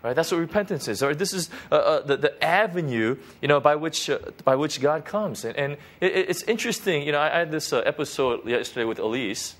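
A man's voice: a little high, fairly quick, hardly any pauses, fairly bright tone. A man giving an informal devotional teaching as a pastor, talking conversationally and checking in often with "you know" and "right?".

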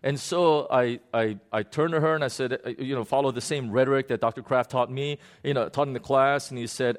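A man telling a personal ministry story unscripted, earnest and halting, often restarting and repeating words. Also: medium pitch. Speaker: minister recounting a prayer session.

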